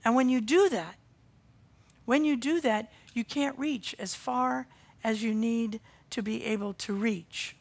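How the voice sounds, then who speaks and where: A woman pastor preaching a sermon, swinging from loud emphasis to quiet intensity. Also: on the high side, a little slow.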